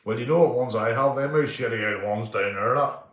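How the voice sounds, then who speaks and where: A middle-aged man with a Northern Irish accent rambles through true stories and shout-outs on a live stream from his home. He swears freely, breaks into laughter as he tells his tales and calls everyone "mate". His voice sits at an ordinary pitch and carries a roomy echo. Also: a little fast, very noisy.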